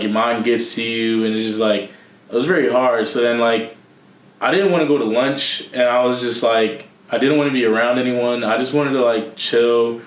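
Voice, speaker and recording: A young man from Philadelphia, a podcast co-host with that city's accent, telling a personal story in a candid, casual way, laughing and swearing freely. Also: mid-range voice. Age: young adult. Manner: candid, laughing, loose with profanity. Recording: echoey room.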